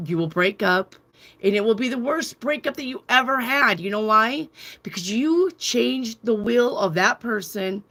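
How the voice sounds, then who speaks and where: Hosting her casual talk show, the middle-aged tarot reader and podcaster has a mid-range, slightly bright voice. With firm conviction she lectures viewers, hammering her points home and repeating phrases.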